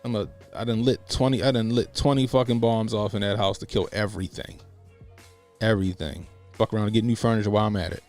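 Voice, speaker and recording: Gravelly man ranting on a livestream. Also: lowish voice, steady tone, quick pace, darkish tone, faint music behind. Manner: laughs often, rambling and profane. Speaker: livestream commentary host. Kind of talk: casual profane livestream commentary.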